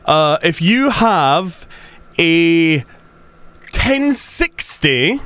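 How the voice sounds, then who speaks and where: A man's voice: fairly high pitch, very animated, very slow, pushed and bright, clear, resonant tone, dry recording. A man giving casual commentary while playing a game, ranting in frustration and swearing.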